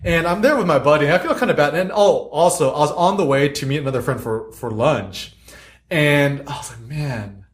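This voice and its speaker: A man, a guest street photographer, telling stories on a podcast in an animated way and acting out the people he quotes. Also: a little high, brisk. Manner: animated, laughs often, acts out quotes. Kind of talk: casual podcast storytelling.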